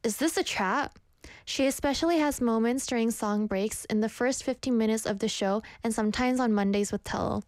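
A woman's voice: fairly high pitch, brisk, no echo, clean studio sound. A young woman hosting a casual stream, chatting with viewers, reading their comments aloud and telling self-deprecating stories. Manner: animated quoted voices in stories. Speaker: streamer host reading chat.

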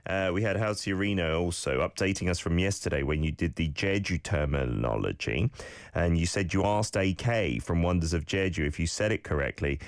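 A low-voiced man with a British accent talks listeners through a language lesson on his radio show. His delivery swings up and down with lively intonation as he patiently repeats words. The sound is dry and close. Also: no room sound. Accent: British English. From United Kingdom. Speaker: radio host teaching Korean. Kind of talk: casual radio talk with language teaching.

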